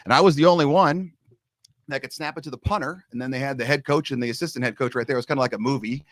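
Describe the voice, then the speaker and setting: Fast-talking middle-aged man telling stories. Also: medium pitch, no room sound. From Southern California. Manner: animated storyteller, acts out quoted coaches. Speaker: guest, long snapping coach. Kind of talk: casual storytelling.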